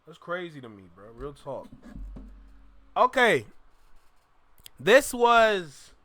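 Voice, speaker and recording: A man's voice: high voice, big pitch swings, takes it slowly, bright, forceful tone, no room sound. A man hosting a reaction video, commenting emphatically and talking to his viewers. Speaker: YouTube reaction host.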